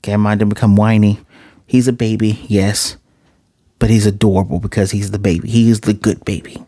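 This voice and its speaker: A man giving a casual, excitable episode recap and review, jumping into different voices for the characters. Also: lowish voice, fairly quick, no echo, studio quality. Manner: excitable, acts out characters' lines in shifting voices. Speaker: anime reviewer.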